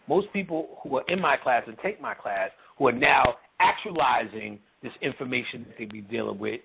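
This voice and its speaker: A man's voice: mid-range voice, creaky. A man teaching occult ideas in casual, profane, joking talk, acting out other people's voices as he goes. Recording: tinny phone-like recording with faint hiss.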